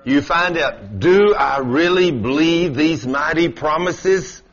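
A man preaching a sermon, telling stories in a folksy way with dramatic swings in pitch and loudness. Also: lively intonation, slow, lo-fi sound.

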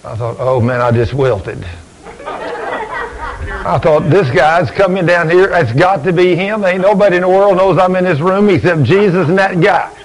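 Man, preacher, folksy storyteller, fairly high voice, radio broadcast sermon. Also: sing-song, measured pace, a faint crowd, poor audio. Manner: folksy, acts out both sides of conversations. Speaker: preacher and deacon.

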